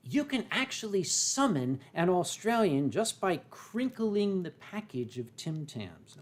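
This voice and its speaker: An older American man hosting a casual livestream, rambling and joking with lots of fillers and restarts. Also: a little high. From United States. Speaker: livestream host. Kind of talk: casual chat while drinking wine.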